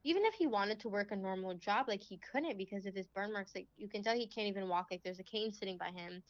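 A young woman guest telling a faith story in casual chat, full of "like"s and quick laughs. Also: mid-range voice. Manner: chatty, many fillers and "like"s, laughs often. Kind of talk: casual testimony in a faith podcast. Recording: slightly dull, lo-fi.

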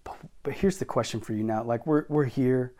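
A man's voice: mid-range voice, normal speed, a little hiss or hum. Emphatic male pastor preaching. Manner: emphatic, moving between intense and quiet. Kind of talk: sermon.

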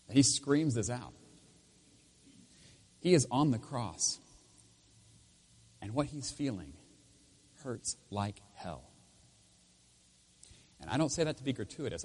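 A man preaching a sermon as pastor in a church, swinging between loud emphatic lines and quiet intense ones. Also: fairly low pitch, slightly rough. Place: church with speakers.

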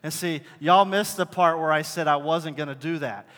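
A male pastor preaching a sermon in a high, bright voice. He talks in a conversational, animated way and acts out bits of dialogue. The sound rings with the long reverb of a big hall. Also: moderate pace. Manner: animated storytelling, acting out dialogue.

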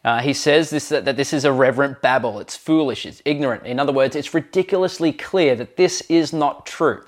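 Male pastor, mid-pitched, earnest conversational sermon delivery. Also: a little fast. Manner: earnest, conversational preaching with fillers.

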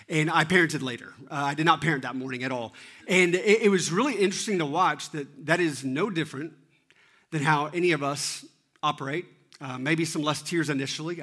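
Bright-voiced pastor telling a family story. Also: male voice, a little high. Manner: storytelling, acts out his kids' lines, self-deprecating humor. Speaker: teaching pastor.

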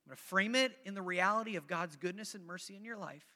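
High, bright-voiced preacher in a reverberant hall. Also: male voice, fast talker. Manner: conversational, repeats phrases for emphasis; coaxes the congregation to join in. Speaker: pastor. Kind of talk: sermon.

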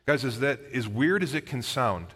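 A man's voice: mid-range voice, animated, normal speed, a bit bright, breathy edge. A man preaching a sermon, earnestly explaining scripture and asking his listeners direct questions. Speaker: pastor. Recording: long hall reverb.

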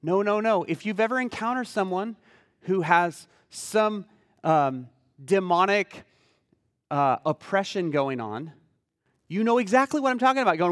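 A man preaching a sermon as pastor, animated and conversational, with lots of rhetorical questions. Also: sits high, measured pace, no echo, studio quality, big-room sound.

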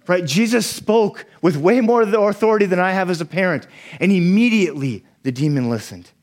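Pastor, male, slightly high voice, explanatory sermon delivery with acted-out quotes. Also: animated, normal speed, darkish tone. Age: young adult to middle-aged, a parent. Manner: explanatory, acts out quoted lines dramatically.

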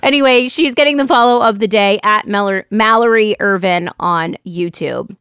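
A woman co-hosting a podcast, chatting casually and reading news stories in a bubbly, quick way with frequent laughs. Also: mid-range voice, a bit bright, clear, resonant tone, dry recording, studio quality. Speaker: podcast co-host.

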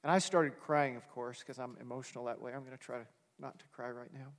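A man's voice: medium pitch, fairly even intonation, brisk. A man preaching a sermon, talking in an earnest, conversational way with fillers. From United States. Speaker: pastor. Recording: long reverb of a large hall.

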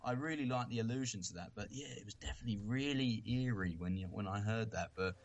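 A man's voice: on the low side, muffled recording. A man with a British accent co-hosting a fan podcast, earnest and thoughtful in casual chat. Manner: earnest, thoughtful, a little halting. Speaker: podcast co-host.

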